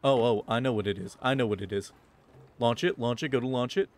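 A man's voice: mid-range voice, a little fast, slight background noise. A man giving playful, slangy commentary while playing a video game, with game music behind. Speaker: gameplay commentator. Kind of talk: casual gameplay commentary.

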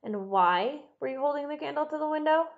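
A woman's voice: high voice, animated, fairly quick, muffled recording, voice pushed up. A woman voicing a stern young baronet who demands answers from his butler, in an audiobook reading. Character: stern young male baronet, master of the house.

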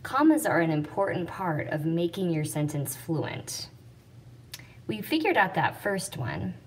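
A patient woman teacher explains step by step, slowly, with a somewhat low and lively voice. She sounds set back from the mic, with faint noise behind. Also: recorded from a distance. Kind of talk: classroom explanation.

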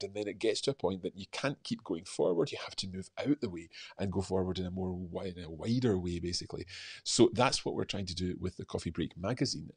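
A man hosts a live stream in a relaxed, chatty way, stopping often with ums and restarts. His voice sits low and a little husky. The sound is dry and close, with no room echo. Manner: chatty, many fillers and restarts. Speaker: podcast host reading listener reviews. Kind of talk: live-stream casual chat.

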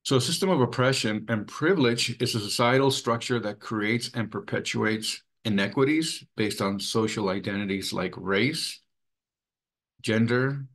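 A man presenting a training webinar in an earnest, measured way, with many fillers. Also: fairly low pitch, fairly bright tone. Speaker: webinar presenter for a sexual assault coalition.

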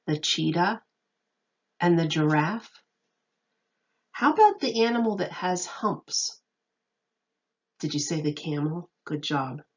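A woman teacher reads a picture book aloud to young children, slowly and patiently, pausing to ask questions. Her voice sits a little low, and the recording sounds dull and lo-fi.

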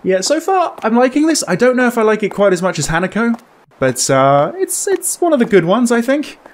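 A man talks his way through a horror game in a loose, joking commentary. His voice is lively and swings freely in pitch as he reacts out loud to what he sees. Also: fairly quick. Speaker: gaming YouTuber. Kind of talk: let's play commentary.

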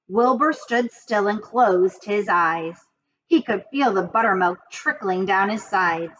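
A woman reading a children's book aloud with expressive narration. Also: medium pitch. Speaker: reader. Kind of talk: read-aloud storybook narration. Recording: dull recording with faint hiss.

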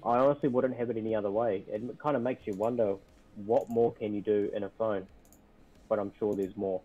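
A man's voice: fairly low pitch, fairly even intonation, brisk, dark tone, highs cut off. A man hosting a casual gaming livestream, upbeat and fond of dad jokes. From Australia. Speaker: livestream host.

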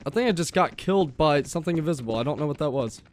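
Talking very fast and animatedly in a fairly high voice, this young gaming streamer yelps in panic and laughs often while chatting with viewers over a horror game. Background noise runs under his let's play commentary.

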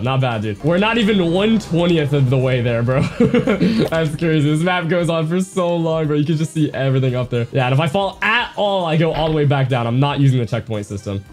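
A young man giving excited gameplay commentary, swinging from muttering to yelling. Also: medium pitch. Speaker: gaming streamer.

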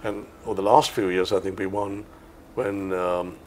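An older man from Sri Lanka, a veteran cricket commentator reminiscing in an interview in an unhurried, anecdotal way. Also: low-pitched, fairly even intonation, a little hiss or hum.

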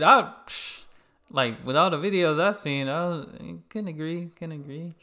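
A man's voice: fairly high pitch, normal speed. A man from the United States, host of a reaction channel, chatting casually and repeating himself as he sums up and signs off. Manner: relaxed, rambling, repeats himself. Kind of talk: casual chat.

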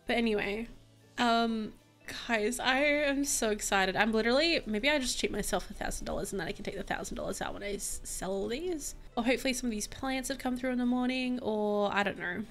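A young woman narrates her life-sim game in a gushing, chatty way, her slightly high voice sinking to soft asides and then leaping into excited squeals. Faint background music plays under her talk. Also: a little fast. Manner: bubbly, gushing, swings between soft murmurs and excited squeals. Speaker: gaming YouTuber. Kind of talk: casual gameplay commentary.

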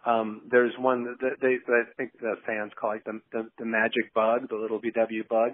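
A man's voice: mid-range voice, level tone, moderate pace, a little hiss or hum. Man talking over a tinny phone line. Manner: rambling, laughs often, acts out quotes. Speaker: film director, interview guest. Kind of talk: casual interview chat. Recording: dry, tinny phone-like audio.

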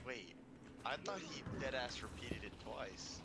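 A man's voice: medium pitch, very animated, measured pace, very noisy. A man calling out plays to teammates in a casual, slangy way. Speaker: gamer on voice chat. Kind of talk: casual gaming banter.

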